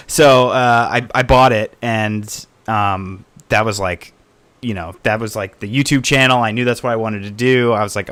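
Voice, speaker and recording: A man's voice: lowish voice, fairly even intonation, measured pace, fairly bright tone. A man as a podcast guest, telling his story in a rambling way with many fillers. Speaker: podcast guest, knife collector. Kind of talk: casual podcast interview.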